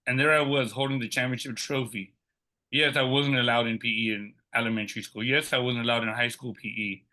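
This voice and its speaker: A middle-aged man, a podcast guest, telling a personal story in a lively way and acting out the quoted dialogue. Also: medium pitch, brisk.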